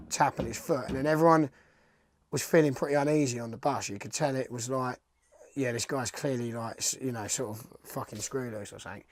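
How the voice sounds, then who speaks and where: A man's voice: mid-range voice, no room sound, studio quality. A young man, a pro skateboarder, telling rambling anecdotes casually and swearing freely. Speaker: professional skateboarder. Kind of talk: casual storytelling interview.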